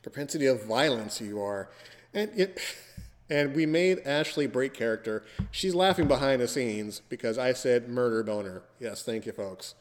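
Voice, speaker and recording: A man's voice: mid-range voice, normal speed, in a large hall. A man hosting a casual podcast, teasing his guest in a playful, theatrical way. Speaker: podcast host.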